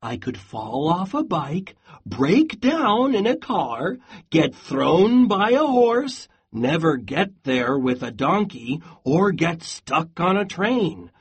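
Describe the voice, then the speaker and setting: Nervous storybook pig, put on by a reader, slow, lively pitch, husky. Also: exaggerated voice. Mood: fretful. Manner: slow, deliberate storybook delivery. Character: anxious pig planning a trip. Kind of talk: storybook read-aloud.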